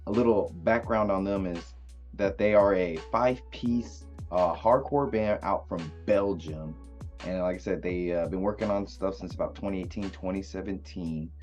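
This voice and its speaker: A man with a very low voice talks through an album review in a loose, rambling way, full of fillers and restarts. The recording is dull and lo-fi. Faint music plays underneath. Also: darkish tone. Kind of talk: casual spoken album review.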